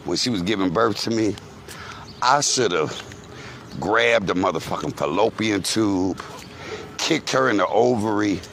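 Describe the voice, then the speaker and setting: A fairly low-pitched male voice, carrying a little hiss or hum, rants profanely about his family in a phone vlog. He's outdoors, walking to a grocery store, and his storytelling is animated, insulting and laced with cursing.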